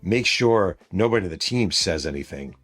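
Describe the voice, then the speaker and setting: With a fairly low, husky voice and a fairly bright tone, a middle-aged New York State man who hosts a podcast and writes books retells a story. He keeps it casual, swears freely and tosses in quick spoken sound effects, his intonation lively. Faint music plays behind him.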